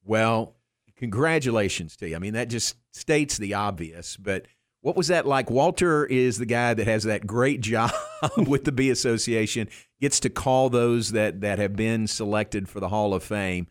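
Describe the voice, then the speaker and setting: An older man hosts a relaxed interview from a radio studio. His voice sits a bit low, and the sound is close and dry with no room echo. He is friendly and laughs easily. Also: moderate pace. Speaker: radio show host.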